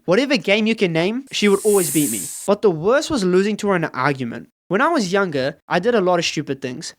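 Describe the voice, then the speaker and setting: A young man telling funny childhood stories in a playful, wry, self-mocking way. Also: high voice. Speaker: storyteller. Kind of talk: comedic storytime narration.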